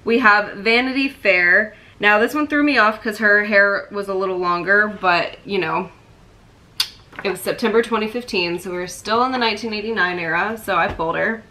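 A young woman in a casual vlog, chatting excitedly and emotionally about her collection. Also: medium pitch, normal speed, slight background noise. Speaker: vlogger showing a merch collection. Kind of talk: casual chat.

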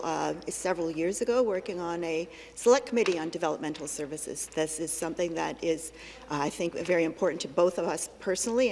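A woman answering as health minister in a legislature, measured and pausing with fillers. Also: on the low side, a little mellow. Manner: measured with frequent pauses and fillers. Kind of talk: parliamentary answer. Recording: reverberant legislative chamber.

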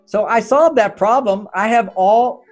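An older man, a relationship author being interviewed, giving advice through animated stories and acting out what he and his wife said. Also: high voice, unhurried, faint music behind. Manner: acts out quoted voices of himself and his wife.

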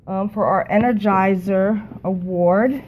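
Lady talking slow into her phone, heartfelt, keeps restarting, faint hiss behind. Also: mid-range voice, phone-quality sound. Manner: halting, repeats herself, heartfelt. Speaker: network marketing team member. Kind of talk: emotional casual talk to camera. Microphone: phone camera.

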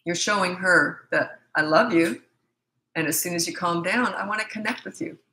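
A woman's voice: lowish voice, moderate pace, bright, forceful tone, poor audio. A middle-aged woman parenting coach giving blunt, emphatic advice in a casual talk, acting out short exchanges between parents and children.

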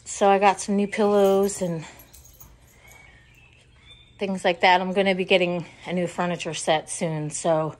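A woman's voice: on the low side, level tone, unhurried, pauses often. A woman giving a casual, rambling tour of her home decor, a little out of breath and apologetic, filmed on a handheld phone indoors. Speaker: home vlogger. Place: inside a house.

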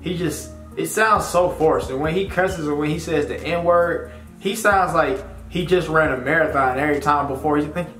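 A man's voice: on the high side, moderate pace, fairly bright tone. Blunt, scornful male commentary host. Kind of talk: casual opinion commentary. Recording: echoey room with faint music.

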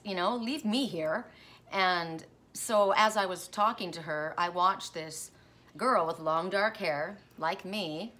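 A woman's voice: sits low, sharp tone, a little hiss or hum. A middle-aged woman, a tarot reader, telling a personal dream story in a rambling, self-interrupting way. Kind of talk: casual spoken storytelling.

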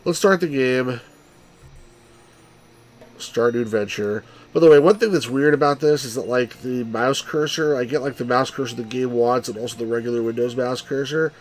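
A man's voice: medium pitch, moderate pace. A man hosting a let's play, rambling and wry as he comments on a game, with the odd swear.

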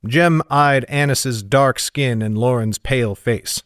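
A man narrating a fantasy audiobook chapter in a measured, even storytelling manner. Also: mid-range voice, dry recording, clean studio sound.

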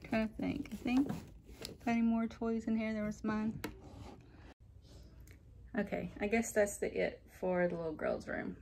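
Mom vlogger woman, kinda high voice, slow and gentle, chatting to the kids. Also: level tone, slight background noise. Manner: gentle, chatty, talks softly to her children. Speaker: family vlogger. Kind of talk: casual home video narration.

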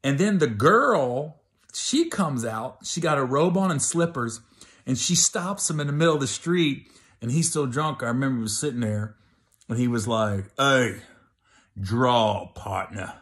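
A man's voice: medium pitch, animated, normal speed. A middle-aged man telling a comic story, loose and chatty, laughing between bits. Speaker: comedian.

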